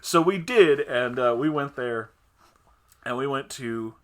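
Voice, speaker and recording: A man hosting a casual podcast chat, telling an animated story, acting out the other people's lines and often breaking into laughter. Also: medium pitch, measured pace. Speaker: podcast host.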